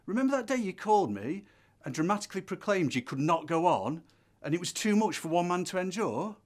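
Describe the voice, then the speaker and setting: A man's voice: high-pitched, sing-song, a little fast. A man playing a vain, dim aspiring actor, earnest and self-important.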